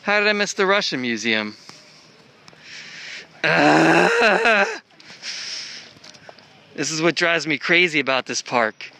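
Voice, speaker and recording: Bright-voiced man rambling on a walk. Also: on the high side, sing-song, brisk, few pauses, clean tone. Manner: rambling, thinks aloud, swears casually. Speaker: traveler filming a walk. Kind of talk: casual vlog narration. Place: outdoor park.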